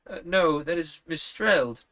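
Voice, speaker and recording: A man voicing a courteous young man who explains things with calm, slightly superior politeness in a storybook reading. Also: a little high, slow pace. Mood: politely explaining.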